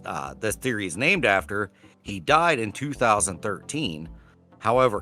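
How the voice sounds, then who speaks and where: A man's voice: fairly low pitch, fairly bright tone. A man co-hosting a casual podcast chat, rambling and correcting himself as he goes, with casual swearing. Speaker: podcast co-host.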